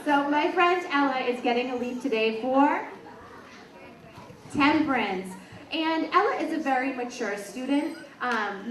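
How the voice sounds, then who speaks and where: A woman teacher presenting awards to young students at a school assembly, chatty and encouraging. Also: fairly high pitch. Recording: echoey hall, distant, noisy.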